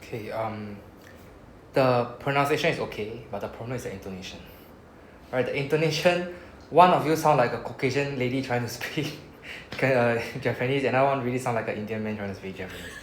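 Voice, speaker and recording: A man's voice: mid-range voice, a little fast, roomy sound, slight background noise. A man with a Singaporean English accent teaching a Japanese class in a chatty, casual way, drawing out sounds as he models words.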